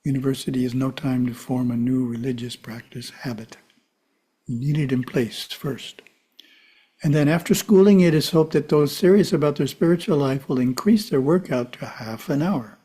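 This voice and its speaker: A man giving a calm, measured spiritual teaching talk, with side remarks to his listeners. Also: mid-range voice, slightly rough. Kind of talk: teaching talk to a live audience.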